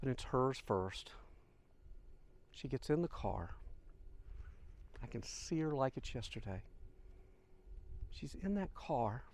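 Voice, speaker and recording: A man's voice: mid-range voice, a little mellow. Older man telling a heartfelt story. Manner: heartfelt, addresses listeners as folks. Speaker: channel host. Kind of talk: personal storytelling.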